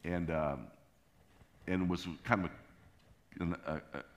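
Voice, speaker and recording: A middle-aged male pastor with a lowish voice tells a story in his sermon. He jumps up in pitch to act out voices and sound effects, then settles back into easy storytelling. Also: slow. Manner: animated, acts out scenes and sounds with pitch jumps.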